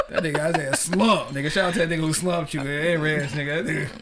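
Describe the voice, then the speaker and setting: A man's voice: a little high, fast, heavy background noise. A man hosting a podcast, chatting casually and profanely with short agreements. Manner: laid-back, frequent short agreements, profane. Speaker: podcast host. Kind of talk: casual chat.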